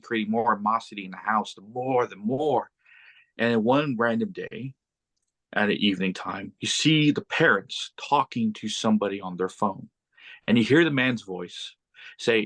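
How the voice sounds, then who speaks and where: Male podcast guest with a lowish voice, unhurried and deliberate, pulling the listener into the story. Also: fairly bright tone. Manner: slow, deliberate second-person storytelling that builds suspense. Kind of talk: casual interview storytelling.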